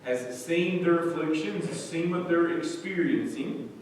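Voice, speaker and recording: A man's voice: fairly high pitch, unhurried, a little hiss or hum. Male Bible teacher, mid-range voice, casual questioning delivery, recorded from a distance in a very echoey sanctuary. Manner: conversational, asks the congregation questions, frequent "um" and "okay?". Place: church. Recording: echoey church hall, mic far off.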